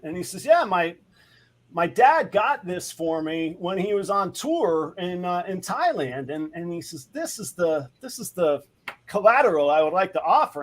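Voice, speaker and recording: Man, high-pitched, rambling storyteller, halting delivery, host. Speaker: show host. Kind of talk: telling a long shaggy-dog joke.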